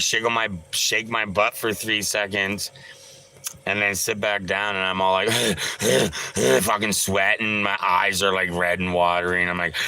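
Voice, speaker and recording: A man's voice: fairly low pitch, sharp tone, a little hiss or hum, rough recording. A man chatting casually on a live stream, answering viewers in a loose, rambling way with lots of filler sounds and some swearing. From Canada. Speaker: livestreamer.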